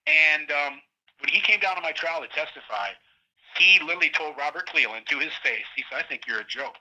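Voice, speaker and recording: A man's voice: fairly high pitch, expressive, brisk, sharp tone, dull audio. A middle-aged man, a guest speaking from prison, telling a rambling story in casual conversation and acting out what his friends said. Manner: rambling, acts out quoted friends heatedly.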